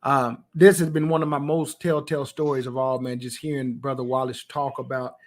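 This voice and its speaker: A man's voice: mid-range voice, little pitch movement, a little fast. A man hosting a casual talk show, speaking loosely and dropping "man" into his sentences. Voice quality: casual, keeps saying "man". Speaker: host.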